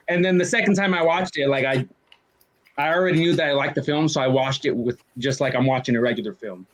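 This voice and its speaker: A man co-hosting a podcast, giving his opinions candidly in casual chat, with some swearing. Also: mid-range voice. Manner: candid, profane, easygoing opinions. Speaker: podcast co-host.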